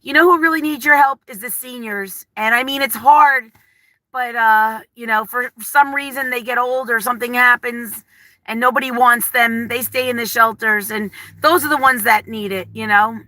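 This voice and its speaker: Chatty woman streamer, nervous and emotional, rambles between viewer comments; bright edge to the voice. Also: a little high, fairly even intonation, moderate pace, dry recording. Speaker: livestream vlogger. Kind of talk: casual live-chat talk.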